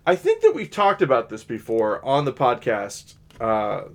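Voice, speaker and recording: A man co-hosting a podcast in casual chat, talking in a deliberately raised voice with many restarts. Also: huge pitch swings. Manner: talks in many restarts and fillers, deliberately pitched-up voice. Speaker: podcast co-host.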